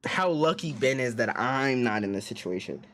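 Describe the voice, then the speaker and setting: A male streamer reacting excitedly while reading a story game aloud, swearing often and raising his voice. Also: mid-range voice, normal speed. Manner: excitable, swearing, loud outbursts.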